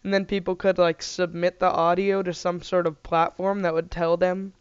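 Rambling jokey young guy, clear dry voice. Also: high-pitched, level tone, normal speed, no echo. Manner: rambling, jokey, lots of fillers. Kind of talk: casual chat. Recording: dull, slightly lo-fi dry mic.

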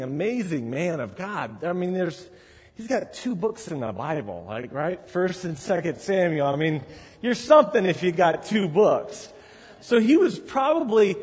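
Husky-voiced preacher, conversational. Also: male voice, sits high, a little mellow, long reverb tail. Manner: conversational, storytelling, with frequent asides. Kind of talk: sermon.

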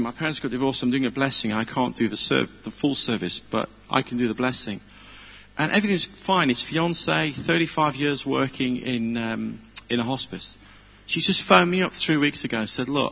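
A man's voice: mid-range voice, creaky, a bit bright, breathy edge. A middle-aged man, giving an informal, chatty sermon full of personal stories, earnest and self-deprecating. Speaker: preacher. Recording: long hall reverb.

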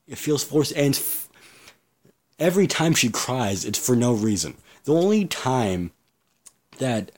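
A man's voice: mid-range voice, darkish tone. Blunt ranting man on a podcast. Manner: blunt, ranting, swears freely, frequent restarts. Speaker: podcast host. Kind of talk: casual solo podcast rant.

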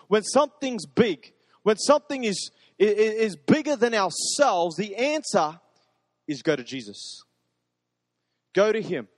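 Male pastor, fairly high voice, emphatic sermon delivery, long reverb tail. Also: studio quality. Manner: earnest, emphatic, repeats phrases for stress.

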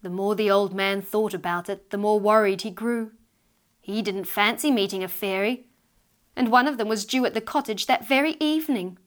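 A woman reads a fairy story aloud in a mid-pitched voice. Her telling is lively and expressive, rising in energy at the tense moments. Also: normal speed. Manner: lively, expressive reading that rises with tension. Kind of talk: storybook narration read aloud.

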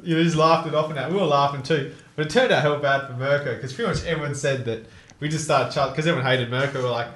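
A man's voice: a little high, fast talker, a bit bright, roomy sound. A young man telling stories in casual chat, laughing and swearing often. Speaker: co-host.

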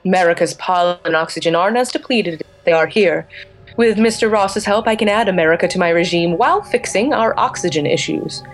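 A woman's voice: fairly low pitch, fairly quick, soft background music, close to an everyday voice. A woman voicing a regal, scheming female bee queen who speaks in an imperious, teasing way. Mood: grand.

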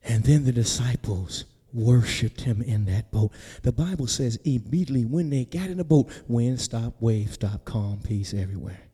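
A pastor preaching a sermon in a folksy, conversational way, building to near-shouts and then dropping soft. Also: male voice, medium pitch, expressive, normal speed, few pauses, slightly rough, in a large hall. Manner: folksy, conversational, talks straight to the congregation. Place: church sanctuary.

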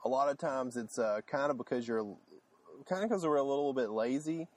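A man co-hosting a casual podcast, thinking aloud in loose, rambling sentences full of fillers and restarts. His mid-pitched voice sounds dry and close, with little room echo. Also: brisk, a little mellow. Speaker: podcast co-host. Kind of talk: casual chat.

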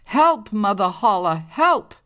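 A woman's voice: mid-range voice, sing-song, moderate pace. A woman voicing a spoiled, rude young girl who grumbles and complains in a storybook. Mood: whiny.

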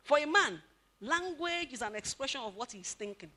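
A woman giving an animated talk at a couples' marriage seminar, questioning the audience and acting out what spouses say. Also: high voice, normal speed. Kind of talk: lively motivational talk to an audience.

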